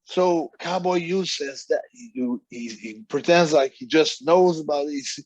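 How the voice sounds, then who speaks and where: A man's voice: a little high, unhurried, hardly any pauses, a little mellow, no echo, low-quality recording. A man, a wrestling guest telling long rambling stories in a casual interview, acting out the people he quotes. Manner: rambling anecdotes with quoted voices.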